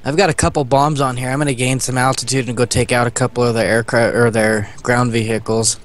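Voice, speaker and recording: A man's voice: mid-range voice, little pitch movement, fast. A man playing along in a game, chatting casually and throwing out laid-back trash talk at opponents. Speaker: fellow player. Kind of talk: casual gaming chat.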